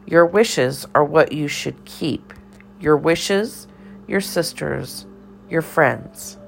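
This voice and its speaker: A woman's voice: sits low, drawn-out words, gravelly, faint music behind, heavily acted. A woman voicing an eccentric older cafeteria lady who speaks in riddles and scolds in a theatrical sing-song. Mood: haughty, cryptic.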